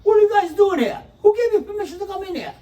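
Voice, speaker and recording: A man voicing an angry male restaurant waiter who shouts and rants at customers in a sharply raised voice. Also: very high-pitched, animated, quick pace, recorded from a distance, pitched above the performer's own voice. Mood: furious. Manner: shouting, ranting.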